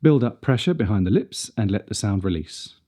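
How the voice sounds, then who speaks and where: A man's voice: fairly low pitch, lively intonation, a little fast, warm tone. A man teaching a pronunciation lesson, carefully demonstrating consonant sounds one at a time. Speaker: speech coach.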